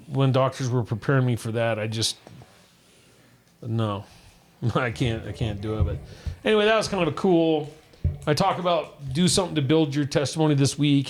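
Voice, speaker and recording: A middle-aged man from Utah, co-hosting a podcast and telling a personal story in an earnest, rambling way, full of restarts. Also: mid-range voice. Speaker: podcast co-host. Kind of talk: casual chat, personal story.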